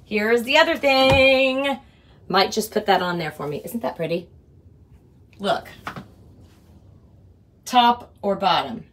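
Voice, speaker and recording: A woman's voice: fairly high pitch, moderate pace. A woman hosting a casual vlog, touring her motorhome and gushing over every little feature. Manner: gushing, excitable. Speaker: vlog host. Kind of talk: casual home tour vlog. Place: inside a motorhome.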